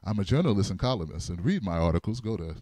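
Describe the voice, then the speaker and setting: A man voicing a pompous male columnist who keeps plugging his own work, in a lowered, droning voice. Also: expressive, fast, warm tone, no room sound. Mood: self-important. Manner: droning, self-promoting.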